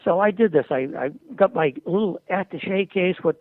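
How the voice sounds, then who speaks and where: A man's voice: high voice, normal speed, no room sound. An older man telling colorful stories from his youth as an interview guest, acting out the other people's lines as he goes. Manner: colorful, animated anecdotes with quoted dialogue. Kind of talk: storytelling in a conversation. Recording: dry, tinny phone-like audio.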